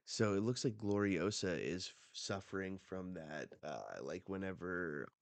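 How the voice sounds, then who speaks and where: Man, reaction host, slow drawl, low voice, casual slang, dry close mic. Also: expressive, gravelly, no echo. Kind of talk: reading a comic aloud and reacting live.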